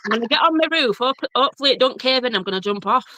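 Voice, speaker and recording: This woman speaks at a racing pace in a high, expressive, pushed and bright voice, captured in a dry recording. Thirtyish and from Bradford, she has a broad Yorkshire accent and is a blogger and journalist on as a guest, chatting casually, laughing often, and relating childhood ghost stories.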